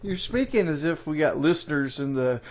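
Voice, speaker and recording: A man's voice: on the high side, expressive, moderate pace, slight background noise. Us guy on a podcast, rambly stop-start talk, voice swings up and down a lot. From United States. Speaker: podcast co-host. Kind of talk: casual chat.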